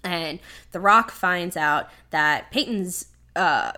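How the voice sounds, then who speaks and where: A woman's voice: fairly low pitch, slow, bright, forceful tone. A woman co-hosting a casual chat, animatedly recapping a movie with lots of swearing and "like" fillers.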